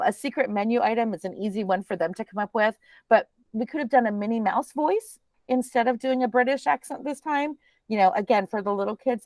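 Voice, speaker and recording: A woman presenting a teacher training webinar in a chatty, relaxed way, with many ums. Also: mid-range voice, no echo.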